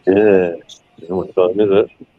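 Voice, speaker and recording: A man's voice: low-pitched, flat delivery, takes it slowly, phone-quality sound. A middle-aged man, chatting casually on a livestream and retelling scenes with laughs. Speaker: livestream co-host. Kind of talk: casual chat.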